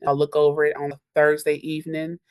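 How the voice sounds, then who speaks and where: A woman teacher talks in a podcast interview, lively and full of stories. She acts out her students' voices as she goes. Her voice sits on the low side and sounds dry and close to the mic. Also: fast talker, no room sound. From Louisiana. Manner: animated storyteller, acts out quotes from kids. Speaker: elementary school teacher.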